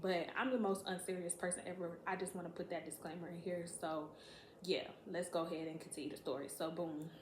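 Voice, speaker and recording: A woman telling a story to camera in a casual, profane, animated way, acting out what people said. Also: lowish voice, fairly quick, a little hiss or hum. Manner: profane, animated, acts out quotes. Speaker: storytime vlogger. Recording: echoey room.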